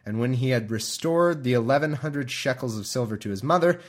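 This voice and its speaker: A man's voice: mid-range voice, animated, brisk. A man hosting a podcast, reading scripture aloud and breaking off into chatty, bemused commentary, laughing often. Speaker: podcast host.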